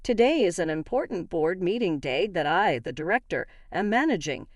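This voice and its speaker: A woman voicing a rude, arrogant male company director who shouts and sneers with disdain. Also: lowish voice, big pitch swings, normal speed, no echo, clean studio sound. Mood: sneering.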